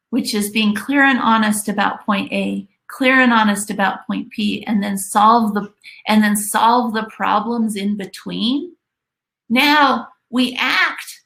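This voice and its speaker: A woman coaching through a motivational webinar, her voice bright and a little high. She talks slowly and earnestly and repeats her key lines for weight. The sound has an echoey room around it. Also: gravelly. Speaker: life coach presenting a webinar.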